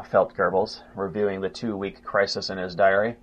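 Husky low-voiced man reading history. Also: level tone. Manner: measured reading with frequent slips and restarts, marking quotes aloud. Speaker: narrator. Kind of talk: reading a history book aloud. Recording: dull lo-fi recording.

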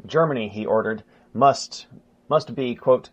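A man reading a history book aloud in a measured way, stumbling and restarting now and then and announcing quotes aloud. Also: fairly low pitch, breathy edge. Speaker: narrator. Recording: dull lo-fi recording.

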